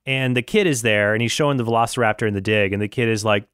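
A man's voice: lowish voice, fairly even intonation, fast talker, hardly any pauses, a bit bright, smooth, no echo, studio quality. A man hosting a casual solo podcast, telling a story in a rambling way with many fillers. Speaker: podcast host. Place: travelling in Australia.

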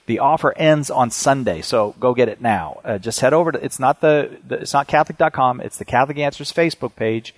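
A man's voice: medium pitch, fairly quick, few pauses, no room sound. A man hosting a call-in radio show, chatty and joking, with many restarts.

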